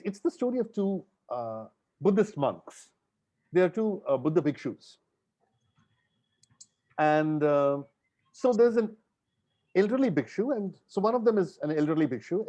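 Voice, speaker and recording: A podcast guest retelling a parable in relaxed conversational storytelling, reflective and unhurried. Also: medium pitch, highs cut off.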